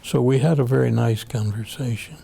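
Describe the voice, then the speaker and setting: An older man, a federal appeals judge, telling an oral history in a measured, halting way with frequent pauses. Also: mid-range voice, gravelly, dark tone, slightly rough.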